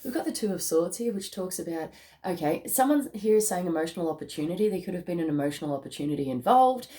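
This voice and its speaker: A woman's voice: on the low side, expressive, quick pace, mellow. An Australian woman giving a tarot reading to camera in a rambling, upbeat way, often laughing and calling listeners mate. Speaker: tarot reader.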